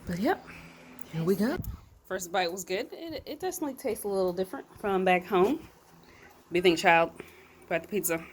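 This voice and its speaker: A woman's voice: mid-range voice, animated, normal speed, long pauses, slight background noise. A mother vlogging casually from her quarantine apartment, narrating with dry, teasing humor.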